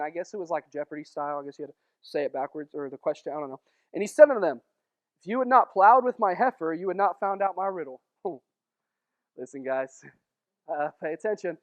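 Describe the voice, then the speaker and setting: Jokey young preacher. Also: male voice, sits high. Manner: animated, jokey storytelling with quick acted asides. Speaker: youth pastor. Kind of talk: casual sermon.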